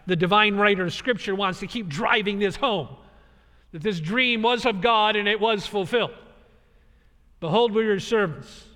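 A man's voice: high-pitched, moderate pace, sharp tone. A man preaching a sermon as pastor, earnest and emphatic as he explains the text and speaks directly to his listeners. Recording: long reverb of a large hall.

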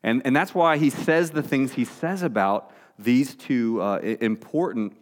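Conversational pastor preaching. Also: male voice, medium pitch, unhurried. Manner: conversational preaching with frequent restarts. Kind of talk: sermon.

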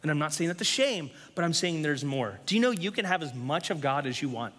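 A man's voice: on the high side, animated, a little fast, a bit bright. A man preaching a sermon to a live congregation in an impassioned, emphatic way. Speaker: pastor. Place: church hall, live. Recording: long reverb of a church hall.

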